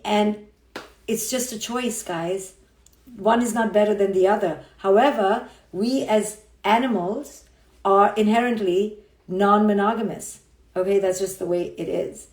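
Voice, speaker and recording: Middle-aged woman, frank motivational speaker, blunt and emphatic, mid-pitched voice in a roomy, echoey space. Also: a little mellow. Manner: emphatic and blunt, keeps checking in with "okay?" and "right?". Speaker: psychologist and speaker. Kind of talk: frank motivational live-stream talk. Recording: roomy echo.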